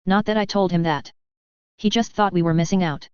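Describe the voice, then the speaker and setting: A narrator giving an even, wry first-person reading of a story. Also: mid-range voice, a little fast, clear, resonant tone, no echo, dull audio.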